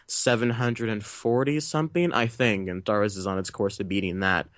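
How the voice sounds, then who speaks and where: A man's voice: fairly low pitch, fairly even intonation, moderate pace, a bit bright, no echo, studio quality. A young man co-hosting a movie podcast in casual chat, rambling with restarts and jokey asides. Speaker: podcast co-host.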